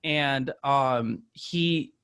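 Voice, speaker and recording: Male podcast host, mid-pitched, chatty and meandering. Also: drawn-out words, fairly bright tone, clear, resonant tone. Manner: rambling, searching for details as he goes. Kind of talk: casual conversation.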